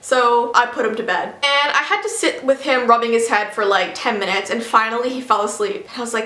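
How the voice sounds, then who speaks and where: Chatty high-voiced woman telling a story. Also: fast talker, hardly any pauses, sharp tone, echoey room. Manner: chatty, acts out dialogue, many "like"s. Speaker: storytime vlogger. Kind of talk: animated storytelling.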